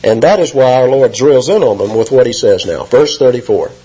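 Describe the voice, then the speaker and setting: A man's voice: medium pitch, lively intonation, a little fast, mellow, slightly rough. A man preaching an expository sermon, emphatic and rising sharply when he quotes. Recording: muffled lo-fi sermon recording.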